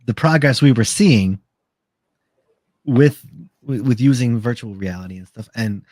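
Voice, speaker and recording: A man's voice: mid-range voice, a little slow, a little mellow, no room sound. Rambling, slightly tipsy man in a dry room. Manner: rambling, many restarts and repeated words. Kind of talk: casual podcast chat.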